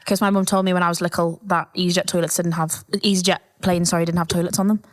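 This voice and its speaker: A woman's voice: lowish voice, little pitch movement, fast talker. A woman, co-hosting a podcast and telling rambling, self-mocking stories with a lot of laughter. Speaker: podcast co-host. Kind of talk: casual comedic chat.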